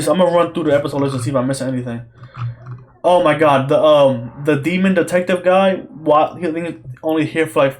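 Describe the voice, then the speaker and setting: Young guy hyped up ranting about a show, lots of slang and swearing, voice sits a bit high. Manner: excited, profane, repetitive slang-heavy talk. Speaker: podcast host reviewing a show. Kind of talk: casual solo rambling review.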